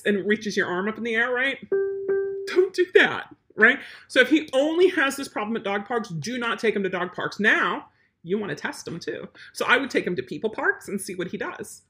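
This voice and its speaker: Brief: woman dog trainer, bright forceful tone with a husky edge, no-nonsense Q&A delivery. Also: medium pitch. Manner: blunt, emphatic, matter-of-fact. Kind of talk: live Q&A advice on dog training.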